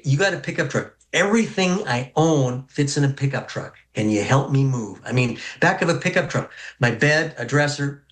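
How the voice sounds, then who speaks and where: A man from North Dakota telling a humorous personal story in a folksy, lively way. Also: on the high side. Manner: folksy, humorous, animated pacing. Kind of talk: personal story told to an audience.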